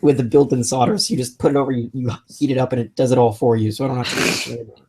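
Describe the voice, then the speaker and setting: A man's voice: medium pitch, fairly even intonation, racing, darkish tone. A young adult man co-hosting a maker podcast, telling rambling stories in casual chat with many restarts. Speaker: podcast co-host.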